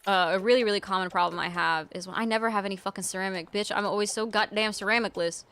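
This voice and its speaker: A woman's voice: medium pitch, fairly even intonation, fast, smooth, soft background music. Woman ranting profanely while gaming. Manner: profane ranting, sudden loud outbursts. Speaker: game streamer. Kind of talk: casual chat while gaming.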